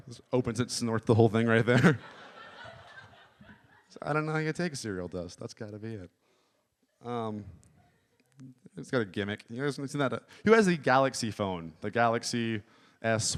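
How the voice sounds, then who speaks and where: A man performing a stand-up comedy set at an open mic, rambling with deadpan asides. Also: mid-range voice. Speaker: stand-up comic. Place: small comedy venue.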